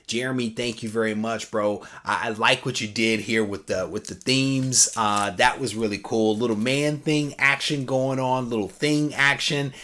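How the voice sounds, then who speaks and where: A man hosting his own channel, chatting casually as he unboxes and reads fan mail, relaxed with many pauses. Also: medium pitch. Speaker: comic collecting channel host.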